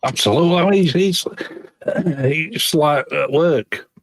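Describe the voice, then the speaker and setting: A man's voice: fairly high pitch, measured pace, no room sound. A man in casual chat, blunt and swearing. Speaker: podcast co-host.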